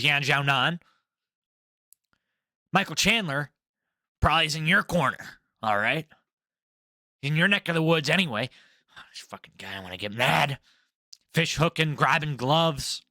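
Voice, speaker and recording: A man's voice: medium pitch, pushed and bright, no room sound, clean studio sound. A young man giving casual, rambling fight predictions, swearing freely and laughing at his own jokes. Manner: rambling, profane, laughs at himself. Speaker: MMA prediction vlogger.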